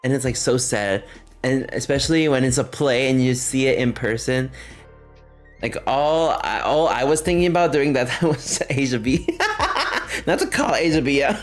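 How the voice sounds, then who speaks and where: A man talks casually to his livestream audience, unhurried and very animated in pitch. He laughs often as he reacts to chat. Faint music plays behind him.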